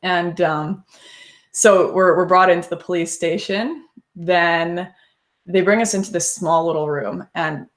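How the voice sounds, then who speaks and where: Young woman, low-pitched, casual storytelling, animated, laughs as she talks. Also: unhurried. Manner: animated, laughs often while telling the story. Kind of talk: casual first-person storytelling.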